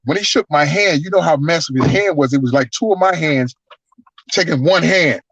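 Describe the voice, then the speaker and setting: A man, a guest wrestler, telling stories in an animated, profane way and acting out the voices. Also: a little high, normal speed, breathy edge, dry recording. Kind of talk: casual storytelling. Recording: dull lo-fi, dry sound.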